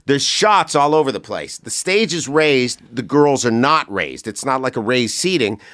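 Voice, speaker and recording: A man from Canada, a podcast guest, telling profane stories in an animated way and slipping into voices, on a close studio mic. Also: medium pitch, normal speed, no echo. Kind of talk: casual storytelling.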